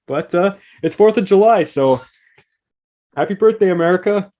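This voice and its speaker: A man from Canada bantering casually on a podcast, joking and upbeat, often trailing off quietly at the end of a thought. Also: high-pitched, lively intonation, moderate pace. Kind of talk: casual chat.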